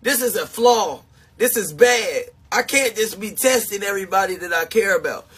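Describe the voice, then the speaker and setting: Male streamer, very high, bright, husky voice, emotional confessional rant that jumps from loud to hushed. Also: normal speed. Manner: swings between shouting and hushed talk, heavy cursing; confessional and self-mocking. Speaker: livestreamer talking to his supporters. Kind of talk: emotional livestream monologue.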